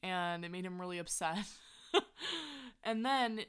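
A woman in casual conversation about a movie, animated and giggly, gasping and tossing in slangy asides. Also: lowish voice, fairly quick, smooth. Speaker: co-host reviewing a film. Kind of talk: casual chat.

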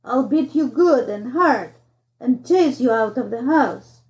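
A woman voicing a rough, bullying peasant man who speaks harshly and threateningly. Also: on the high side, lively intonation, slow pace, a little mellow, muffled recording.

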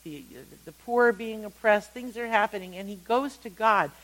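A woman leading a Bible study lesson, speaking at a middle pitch. She retells scripture stories with animated storytelling and often slips into acted-out quotes. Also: moderate pace, low-quality recording.

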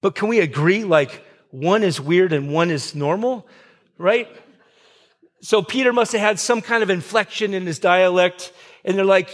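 A male pastor giving a sermon in a conversational way, full of fillers and restarts, acting out quoted lines with big swings in pitch. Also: normal speed. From Southern California.

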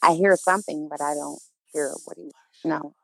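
A woman's voice: low voice, fairly even intonation, normal speed, vocal fry, poor audio. A woman, the host's sister, teasing and joking in casual family banter.

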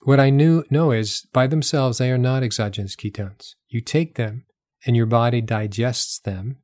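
Male host, mid-pitched voice, explanatory talk, punchy emphasis, dry close-miked sound. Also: normal speed, darkish tone, no echo. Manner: emphatic, repeats points for effect, rhetorical questions. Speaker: health talk host selling products.

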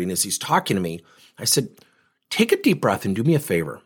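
A man who coaches and trains people in workplace talk, telling stories in an animated way and acting out the dialogue. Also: lowish voice, quick pace, husky.

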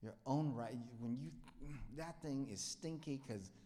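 A young man preaching a sermon with a playful, self-mocking manner, swinging from quiet asides to loud emphatic bursts. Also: mid-range voice, measured pace. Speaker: pastor. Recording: echoey hall with long reverb.

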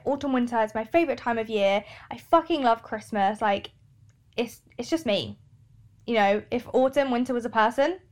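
A young woman hosting a podcast, talking candidly and emotionally, swearing often. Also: fairly high pitch. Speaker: podcast host. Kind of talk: casual monologue.

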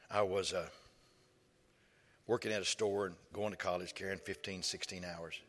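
Male preacher, bright and forceful, storytelling sermon, echoing church hall. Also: lowish voice, husky. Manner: storytelling, rising to impassioned shouts. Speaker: pastor. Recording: reverberant church hall with soft music.

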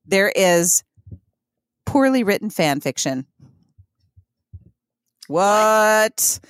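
A woman's voice: lowish voice, animated, moderate pace, dry recording, studio quality. A woman with a Missouri accent co-hosting a podcast, chatty and giggly as she reads from her notes. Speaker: podcast co-host. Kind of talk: casual podcast chat.

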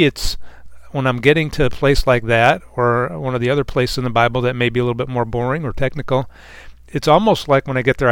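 A man's voice: medium pitch, a bit bright, no room sound. A man on a Bible discussion panel speaking earnestly and reflectively, often repeating words as he gathers his thoughts.

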